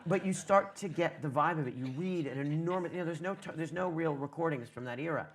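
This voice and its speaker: A man's voice: fairly high pitch, fast talker. Joking man on a conference panel. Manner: joking, animated storyteller. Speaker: TV writer on a panel. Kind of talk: panel discussion. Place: conference stage.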